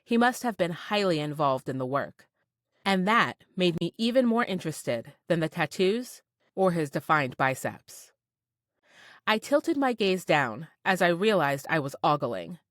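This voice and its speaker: A woman narrating a first-person romance audiobook in an expressive, playful way. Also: lowish voice, a little slow, no room sound. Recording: dry close studio sound.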